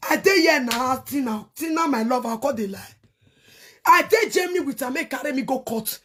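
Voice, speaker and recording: A middle-aged Nigerian woman hosting her online show, angrily cursing and shouting in bursts as she rants to her viewers. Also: high-pitched, normal speed, slightly rough. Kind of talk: heated rant to viewers.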